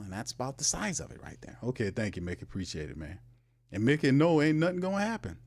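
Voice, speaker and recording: A man hosting a casual live sports talk show, animated and emphatic, with sudden jumps in pitch. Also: quick pace.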